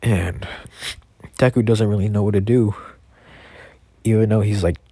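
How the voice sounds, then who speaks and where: A young man improvises a story in a casual, rambling way, leaning on "like" and restarting his sentences. His voice is low and husky, and he talks slowly. The recording is dry, with no room sound. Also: steady tone, warm tone, dry recording. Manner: rambling, full of "like" fillers and restarts.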